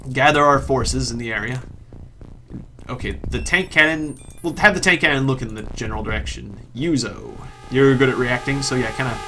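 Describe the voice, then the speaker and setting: Guy narrating his strategy game run, jokey, talks to himself, bright lively voice, game music quiet behind. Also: mid-range voice. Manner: chatty, joking self-talk with frequent laughs. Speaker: let's play host. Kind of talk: gameplay commentary.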